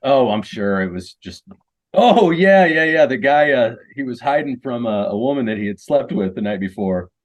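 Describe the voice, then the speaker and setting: A man's voice: fairly low pitch, brisk, hardly any pauses, a little mellow. Laughing middle-aged man from Missouri. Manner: laughs often, loose storytelling. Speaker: podcast guest. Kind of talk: casual podcast chat.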